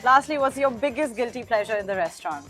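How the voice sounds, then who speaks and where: A woman's voice: fairly high pitch, animated, fast talker, a bit bright, faint music behind. A woman interviewer asking questions in a friendly, casual way and backing her guest up with short affirmations. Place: restaurant comedy club.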